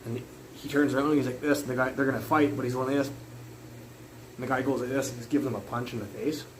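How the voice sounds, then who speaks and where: A man rambles loudly through a home cooking stream, swearing often and wandering off topic. His voice sits in a middle range. It comes through a phone mic with steady noise underneath. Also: mid-range voice, quick pace, low-quality recording. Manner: rambling, loud, swears a lot. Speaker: live streamer. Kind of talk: casual live-stream chat while cooking. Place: home kitchen.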